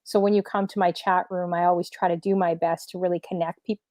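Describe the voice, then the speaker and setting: A woman streamer DJ as the guest in a casual interview, upbeat and chatty with many fillers, a little hoarse. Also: fairly low pitch, level tone, fast, darkish tone, no room sound, clean studio sound. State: slightly losing her voice.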